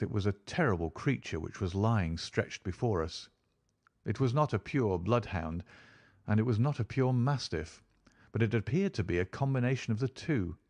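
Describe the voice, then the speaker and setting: A man narrates an audiobook in a steady, dramatic style. His voice sits low. He gives each scene careful weight without rushing. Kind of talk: scripted narration.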